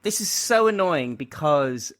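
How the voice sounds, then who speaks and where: A man co-hosting a podcast in casual chat, animated and quick to laugh. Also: a little high. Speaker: podcast co-host.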